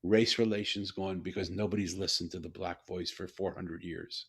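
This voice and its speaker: An older man telling a personal story in a conversational interview, animated and repeating words as he builds his point. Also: low voice, moderate pace, breathy edge. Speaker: guest, author and CEO.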